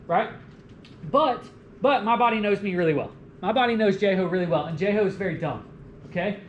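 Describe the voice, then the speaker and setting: A young man giving a lively college lecture, joking and asking the class questions. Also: high-pitched, quick pace. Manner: animated, jokey, asks the class questions. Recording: echoey classroom with faint room noise.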